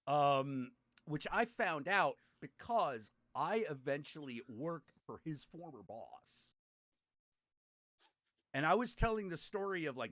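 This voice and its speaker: Animated, bright-voiced man telling stories. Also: a little high, slow pace, dry recording, studio quality. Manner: animated, swearing, laughing storyteller. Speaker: podcast host. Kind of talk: casual storytelling chat.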